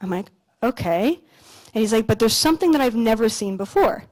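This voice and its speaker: A young woman from Canada giving a motivational talk on a conference stage, telling stories in a casual, animated way with some swearing. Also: on the high side, brisk, rough recording. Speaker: conference speaker. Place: lecture stage at an expo.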